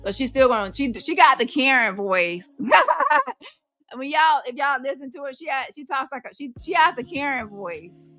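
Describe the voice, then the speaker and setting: Loud sassy woman ranting on her commentary stream, bright sharp voice, music faint underneath. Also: high-pitched, moderate pace. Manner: animated and brash, swears freely, mocks voices. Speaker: commentary show host. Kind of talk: casual commentary, reacting to online posts.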